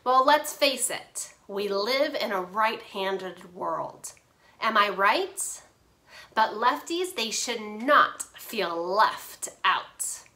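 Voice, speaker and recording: A woman's voice: medium pitch, lively intonation, very slow, bright, forceful tone. A woman occupational therapist giving upbeat, playful teaching tips to parents and teachers, at times chatting with a hand puppet. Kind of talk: instructional talk to parents and teachers.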